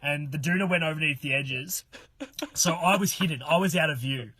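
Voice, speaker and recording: A man's voice: on the high side, fairly quick, pushed and bright, husky, dry recording. A man telling a long story among friends, swearing, laughing and acting out other people's lines. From Australia. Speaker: mystery guest telling a story.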